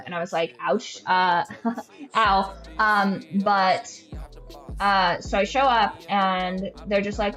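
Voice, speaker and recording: A woman's voice: mid-range voice, a little slow, a bit bright. Woman podcast host rambling through a story, cusses a lot, says like constantly, faint music under her. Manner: blunt, profane, lots of "like" fillers; acts out friends' lines in quoted asides. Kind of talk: casual storytelling chat.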